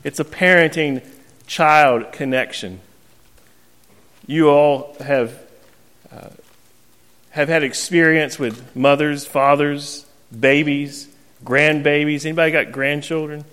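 A man in his thirties preaching a sermon as a pastor, telling a personal story with lively, self-mocking animation. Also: on the high side, slow, long pauses, clear, resonant tone. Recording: long reverb of a large hall.

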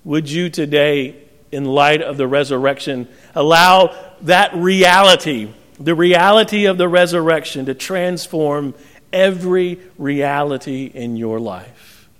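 A pastor with a higher-than-average, slightly bright voice delivers a sermon at a somewhat slow pace and steady tone. He narrates a parable, performing the voices of its characters, while the church sanctuary's long reverb lingers behind him.

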